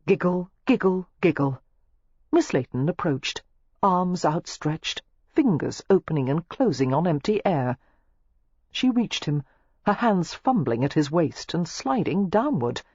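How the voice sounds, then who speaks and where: A woman narrating a romance audiobook in a steady, expressive storytelling manner. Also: low voice, unhurried, slightly rough, dry recording, highs cut off.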